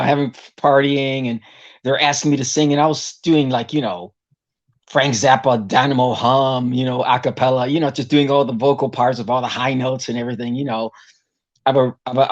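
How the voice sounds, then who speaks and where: Male guest vocalist, loose chatty storyteller who leans on fillers, mid-pitched, a bit muffled recording. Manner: rambling, heavy with "you know" fillers. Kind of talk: casual interview storytelling.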